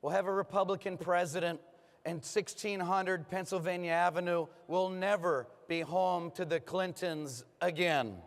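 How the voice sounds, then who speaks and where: Man, party chairman at the podium, hoarse voice, rousing rally delivery, big reverberant conference hall. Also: sits high, fairly even intonation, normal speed, a little hiss or hum. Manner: rousing, punchy applause lines. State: hoarse, losing his voice. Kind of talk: political rally speech.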